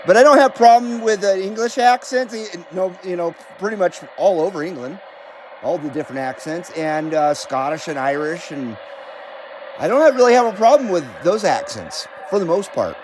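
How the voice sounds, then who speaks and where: A man's voice: high-pitched, animated, normal speed, darkish tone, slight background noise. An American man hosting a CB radio livestream from his home radio room, chatting casually, reading viewer comments aloud and swearing now and then.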